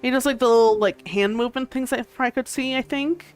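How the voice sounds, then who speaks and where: A woman streamer chatting casually while she plays a game, meandering and hesitant, often dropping to a soft murmur as she focuses. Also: a little high, brisk. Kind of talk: casual gameplay commentary. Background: game music.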